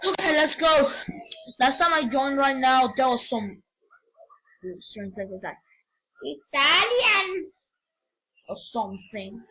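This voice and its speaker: High, animated, excitable gamer woman. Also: slow pace, pauses often, poor audio. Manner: excitable, rambling, breaks into yelps and shouts. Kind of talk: casual game commentary.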